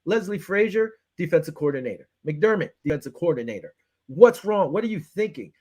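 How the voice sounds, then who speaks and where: A man with a slightly high voice speaks fairly quickly in a Western New York accent as he hosts a casual sports talk show. He's fired up and annoyed, animatedly ranting and retelling his phone calls in quoted back-and-forth while he breaks down a game.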